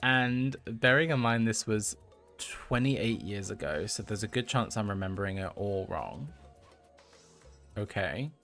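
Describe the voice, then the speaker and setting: A man's voice: fairly low pitch, unhurried, fairly bright tone, soft background music. A man in his thirties, a livestream host telling a story to his chat, talking casually and laughing often. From United Kingdom. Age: 30s.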